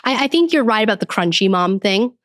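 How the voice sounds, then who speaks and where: A woman guest on a podcast, talking earnestly about faith and parenting and getting animated when she quotes herself. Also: medium pitch, brisk, no room sound, studio quality. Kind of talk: casual podcast conversation.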